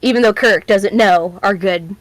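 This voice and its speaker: A woman's voice: mid-range voice, moderate pace, dry recording, faint music behind. A woman playing a tabletop game, chatting playfully and giving firm opinions. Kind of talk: casual chat during a tabletop game.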